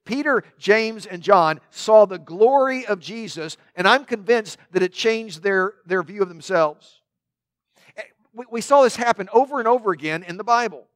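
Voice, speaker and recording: A man's voice: high-pitched, expressive, moderate pace, fairly bright tone, no echo. A man preaching a sermon in a conversational way, with joking asides to the congregation. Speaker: pastor.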